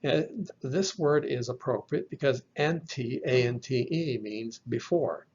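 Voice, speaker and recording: A man teaching from slides, explaining each term slowly and carefully and spelling words out letter by letter. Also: mid-range voice, darkish tone, dull audio, slight background noise. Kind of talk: slide lecture.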